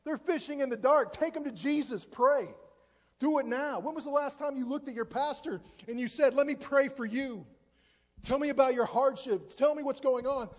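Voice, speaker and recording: Casting: man in his 40s, very high voice, chatty self-deprecating sermon, long hall reverb. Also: moderate pace. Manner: conversational, joking, self-deprecating. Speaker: preacher.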